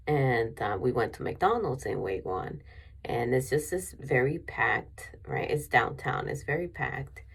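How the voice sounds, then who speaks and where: A woman's voice: extremely low pitch, lively intonation, slow, creaky, husky. A woman vlogger telling a personal story in a rambling way with many restarts, emotional and near tears.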